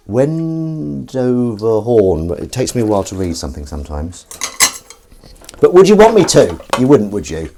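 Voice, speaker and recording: A streamer chats casually while washing up at his kitchen sink, rambling and reading out viewer comments over clattering dishes and cutlery. His medium-pitched voice is warm with big pitch swings, slow and full of pauses, with a little hiss or hum.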